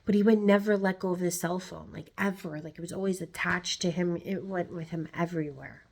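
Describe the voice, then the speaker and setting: A woman's voice: lowish voice, fairly quick, creaky, darkish tone. Blunt, profane woman telling a story. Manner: candid, blunt, profane, many filler "like"s. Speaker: vlogger. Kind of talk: casual personal storytelling.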